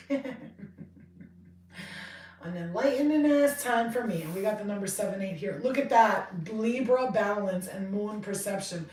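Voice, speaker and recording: A woman's voice: mid-range voice, distant mic. Chatty woman tarot reader, roomy and off-mic. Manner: chatty, swearing, excitable and rambling. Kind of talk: casual tarot reading monologue.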